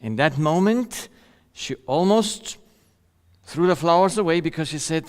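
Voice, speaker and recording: A man's voice: high-pitched, animated, measured pace, long pauses, clear, resonant tone, in a large hall. A man giving a seminar lecture in a conversational way, often checking in with "yeah?" and chuckling at his own stories. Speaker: seminar speaker.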